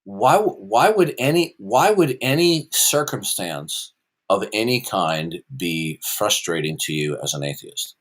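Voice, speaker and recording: A combative man hosting a heated call-in debate, with a voice that swings widely in pitch from low to sharp peaks. His questions come across as condescending and quizzing. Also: expressive, a little slow. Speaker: host.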